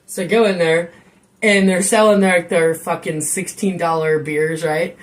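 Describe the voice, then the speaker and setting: Live-streaming from her home kitchen, a woman rambles casually, cracking jokes and swearing with her viewers. Her voice is on the low side, with fairly even intonation and an unhurried pace.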